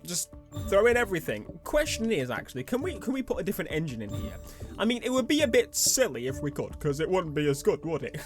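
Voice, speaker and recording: Give me an excitable young gamer rambling over a racing game, high and animated. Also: male voice. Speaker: gaming YouTuber. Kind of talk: gameplay commentary.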